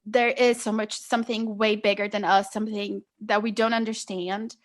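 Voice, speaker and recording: A woman's voice: mid-range voice, level tone, moderate pace. A young adult woman telling her story as a podcast guest, earnest and casual, with lots of "like" and "you know". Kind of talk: casual conversational interview.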